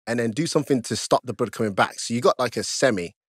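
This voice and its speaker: Animated man telling a wild story. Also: fast, husky, no room sound, studio quality. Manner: animated, laughs often, jumps to high pitch acting out his panic. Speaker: podcast guest, stripper and fighter. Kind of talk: casual chat, storytelling.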